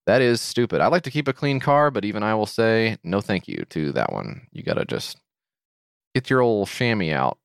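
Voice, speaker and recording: Low-voiced man, sarcastic podcast banter. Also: sing-song, moderate pace, gravelly, clean tone, dry recording, clean studio sound. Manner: sarcastic, riffing, reading things aloud. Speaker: podcast co-host. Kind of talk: casual comedic chat.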